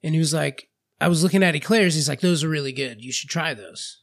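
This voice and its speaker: Man, podcast co-host, a bit high-pitched, casual, giggly anecdotes. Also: quick pace. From Florida. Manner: laughs often, tells stories with voiced quotes. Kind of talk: casual chat.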